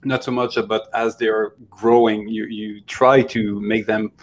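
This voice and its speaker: Thoughtful man, halting speech. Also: lowish voice, level tone, slight background noise. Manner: hesitant, many restarts, thoughtful. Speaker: animation studio panelist. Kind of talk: casual chat.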